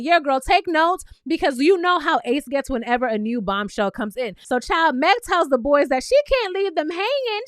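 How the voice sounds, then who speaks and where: A woman recapping a reality show in casual, animated commentary, full of laughter and sassy asides. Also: high voice, normal speed, few pauses, no echo, clean studio sound.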